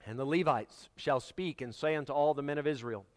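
A man's voice: a little high, a little fast. A man preaching a sermon to his congregation, talking in a conversational, joking way. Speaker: pastor. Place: church sanctuary. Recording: church hall reverb.

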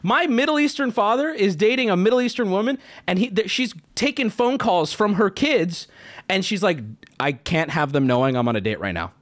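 A man's voice: high-pitched, expressive, brisk. A man in his late twenties, a streamer, ranting heatedly and swearing in casual talk on his own stream, recorded on a studio mic with a noise gate. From United States. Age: late 20s. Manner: heated, swearing, shouting at times.

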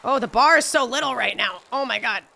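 Bubbly bright-voiced woman streamer. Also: fairly high pitch, a little fast, gravelly. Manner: chatty, bubbly, talks to viewers. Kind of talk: casual gameplay livestream.

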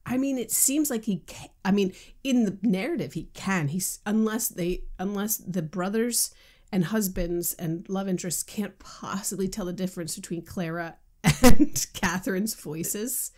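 A woman co-hosting a casual book podcast, chatty and quick to laugh, often dropping into breathy asides. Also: medium pitch, a little mellow. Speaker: podcast co-host.

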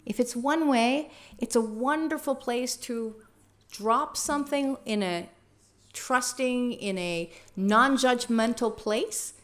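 A woman trainer leading a workshop, talking in a lively, conversational way and asking the room questions. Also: a little high, takes it slowly. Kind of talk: teaching a workshop.

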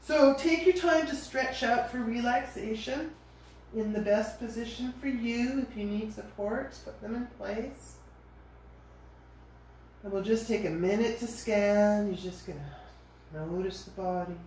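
Calm woman guiding yoga, echoey room. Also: on the high side, a little slow. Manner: calm, gentle cueing with casual asides. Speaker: yoga teacher. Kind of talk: guided yoga class instruction. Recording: echoey room, voice from a distance, faint noise.

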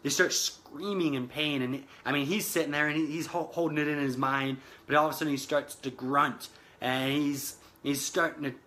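A man's voice: a little high, fairly even intonation, normal speed, few pauses, pushed and bright. A man giving an earnest motivational talk, retelling a film scene, calling his listeners guys and repeating phrases for emphasis. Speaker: motivational speaker.

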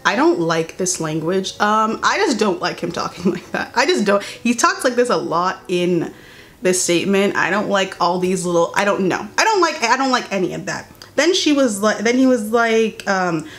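Young woman reading a statement out loud and picking it apart, sassy and unimpressed, pops up high then drops to a mutter. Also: very animated, moderate pace. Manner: sassy, incredulous, swings between high exclaims and low mutters. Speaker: commentary YouTuber. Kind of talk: reaction commentary reading a statement aloud.

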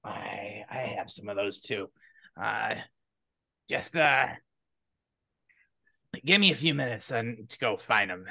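A man's voice: lowish voice, expressive, takes it slowly, pauses often, bright, forceful tone, no echo, heavily acted. A man voicing a grumpy, short-tempered male cat-folk blacksmith who curses and snaps at customers. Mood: gruff. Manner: gruff, snappish, cursing. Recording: dull lo-fi, dry.

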